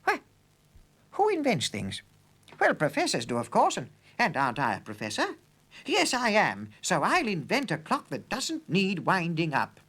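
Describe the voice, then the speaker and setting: A man's voice: high voice, moderate pace, slightly rough, voice pushed up, exaggerated voice. A man voicing an absent-minded old male professor who stammers and gets flustered. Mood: musing. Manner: stammering, excitable.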